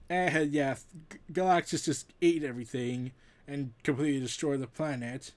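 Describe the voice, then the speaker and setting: A man's voice: fairly high pitch, sing-song, moderate pace. A man reviewing a comic book in a casual, rambling recap. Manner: rambling recap with fillers and restarts.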